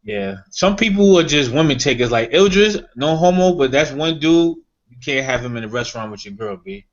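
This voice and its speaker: A man's voice: a little high, lively intonation, brisk. Playful slangy man on a podcast. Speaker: podcast co-host. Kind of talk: casual chat. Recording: dull lo-fi podcast audio.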